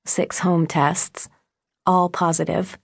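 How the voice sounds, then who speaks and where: A woman voicing a composed teenage girl who speaks steadily and flatly. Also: lowish voice, slow pace, vocal fry, breathy edge, no echo, studio quality, full character voice. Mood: calm. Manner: flat and composed.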